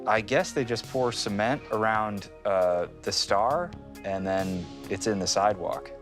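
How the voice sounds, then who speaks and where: An actor playing an earnest, eager company archivist. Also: male voice, lowish voice, unhurried, music in the background, lightly acted. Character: earnest, eager corporate archivist, adult man. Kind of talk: comedic ad acting.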